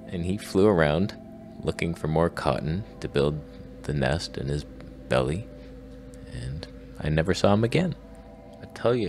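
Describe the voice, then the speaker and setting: Deep gravelly man with deadpan humor. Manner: deadpan absurd humor with squeaky excited outbursts. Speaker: wildlife video creator. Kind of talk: casual joking vlog narration. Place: outdoors on nature walks.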